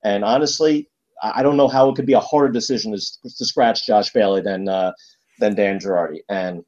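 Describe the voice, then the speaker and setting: A man's voice: on the low side, fairly quick, a little mellow, highs cut off. A man co-hosting a casual sports talk show, blunt and emphatic, with lots of fillers and restarts. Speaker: sports podcast co-host.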